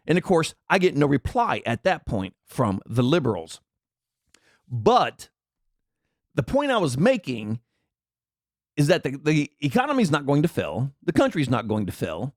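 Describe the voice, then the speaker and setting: A man's voice: fairly high pitch, huge pitch swings, normal speed, no room sound, studio quality. A man, ranting sarcastically and indignantly in political commentary. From Tennessee. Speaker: commentary vlogger.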